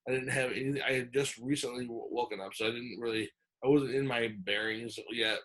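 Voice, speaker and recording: A podcast guest with a medium-pitched voice and a brisk delivery recounts a long story casually and loosely. He acts out the lines he quotes, stumbling into fillers and restarts along the way.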